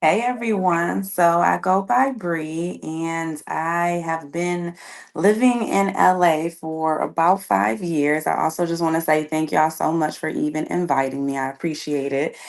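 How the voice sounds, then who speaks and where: A young woman chats as a guest co-host on a podcast. Her voice sits very low and has a gravelly fry to it. She talks easily and laughs often. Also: steady tone, a little slow. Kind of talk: casual podcast chat.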